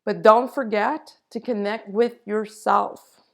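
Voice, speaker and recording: A woman giving an earnest spiritual talk to camera, in unhurried, drawn-out phrases. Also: medium pitch, fairly even intonation, vocal fry. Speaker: spiritual channel host. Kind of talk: slow spiritual monologue to camera.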